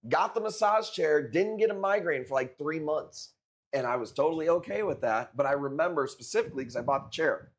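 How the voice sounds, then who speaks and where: A man's voice: on the high side, animated, a little fast. A man in his forties chatting casually on a live stream as a coral seller, laid-back and profane, calling people dude and bro. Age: 40s.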